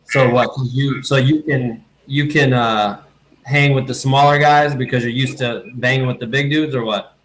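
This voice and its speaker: A man's voice: medium pitch, steady tone, moderate pace, a bit bright, low-quality recording. A man in a mid-range voice hosts a casual podcast interview. He asks easy follow-up questions and laughs along with his guest. Faint noise sits under his voice. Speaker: podcast host.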